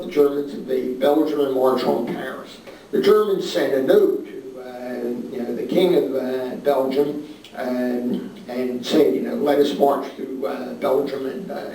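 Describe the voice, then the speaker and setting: A man with a dark, gravelly voice lectures on history in a loose, conversational way, filling his pauses with "uh". He is recorded from a distance in a very echoey room, with faint noise underneath. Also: medium pitch. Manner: conversational, many "uh" fillers, points at a map. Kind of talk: classroom lecture.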